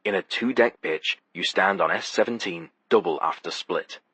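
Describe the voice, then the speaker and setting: A man's voice: sits low, moderate pace, pushed and bright, slightly rough, no room sound, heavily acted. A man voicing a curt, dry-spoken male casino enforcer.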